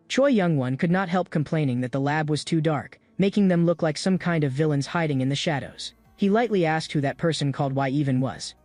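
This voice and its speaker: A man narrating a comic story recap in an even, polished storytelling manner. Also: on the high side, no echo. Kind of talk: scripted narration.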